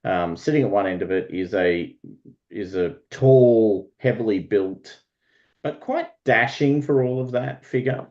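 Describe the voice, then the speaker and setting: Deep, slow-talking male game master. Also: a little mellow, lo-fi sound. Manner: meandering, searching for words. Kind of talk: narrating a tabletop game.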